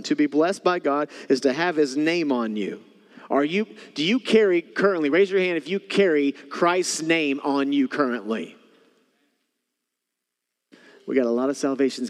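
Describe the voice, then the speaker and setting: A male pastor preaching a sermon, dropping to soft near-whispers and rising to raised emphasis. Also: fairly high pitch. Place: church hall. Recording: long hall reverb.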